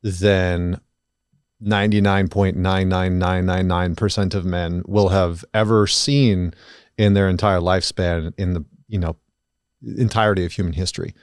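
A man's voice: low voice, steady tone, normal speed, smooth, no echo, studio quality. A man in his thirties, a guest on a podcast, speaking candidly and bluntly with casual swearing. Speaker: podcast guest, men's work facilitator.

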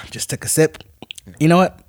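A man co-hosting a podcast, telling a story in an animated, mock-angry rant. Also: medium pitch, noisy background. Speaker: podcast co-host. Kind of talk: casual podcast chat, storytelling.

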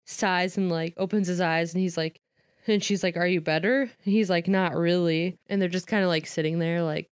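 A woman with a lowish, steady voice reads a novel aloud smoothly and clearly at normal speed, then drifts into loose paraphrase full of "like," laughing often. As reader and commentator in this casual read-aloud with chat, she is recorded close and dry, with no room sound or echo.

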